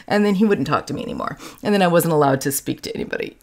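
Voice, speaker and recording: A woman's voice: fairly low pitch, animated, brisk, a little mellow. A woman with a Southern US accent giving a casual, joking science lecture with frequent fillers. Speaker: lecturer in forensic entomology. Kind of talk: recorded lecture with slides.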